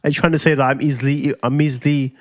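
A man's voice: fast, dry recording, studio quality. A British man co-hosting a podcast in casual chat, bantering and joking with his partner. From Britain. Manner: bantering, joking, lively pitch. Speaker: podcast co-host.

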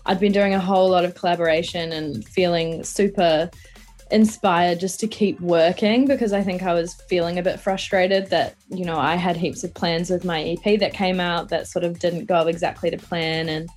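A woman musician with a New Zealand accent, chatty and quick to laugh, joining a radio interview over a video call. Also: lowish voice, steady tone, darkish tone, soft background music. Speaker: musician guest. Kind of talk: remote radio interview chat.

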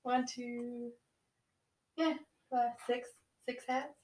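A woman with a somewhat high voice chats casually on a podcast. She drops dry, deadpan one-liners in a relaxed, unhurried way. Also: recorded from a distance, rough recording. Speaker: podcast co-host. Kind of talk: casual chat.

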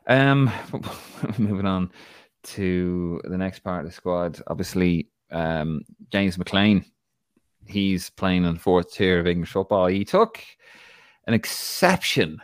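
A chatty Irish man co-hosting a football podcast, with a very deep voice. The sound is dry and close, with no room around it. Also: animated, slow pace, no echo. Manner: chatty, reads viewer comments aloud. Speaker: podcast co-host. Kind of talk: casual football chat.

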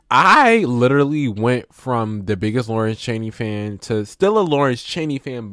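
A man's voice: mid-range voice, a bit bright, dry recording, clean studio sound. A man hosting his own podcast, talking casually and rambling with lots of fillers, getting emphatic when he rants. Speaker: podcast host. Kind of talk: casual solo podcast review.

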